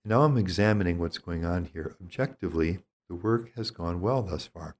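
A middle-aged male priest with a very low voice gives a calm, reflective spiritual talk. He reads passages from his own journal aloud, then pauses to explain them. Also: a little hiss or hum.

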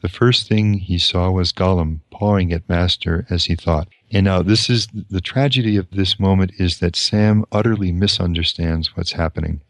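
A man with a deep, low voice reads from a novel and reflects on it in a measured way. The recording is dry and close, and he sometimes restarts a sentence. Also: fairly even intonation, no echo. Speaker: lecturer. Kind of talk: reading and commenting on a novel.

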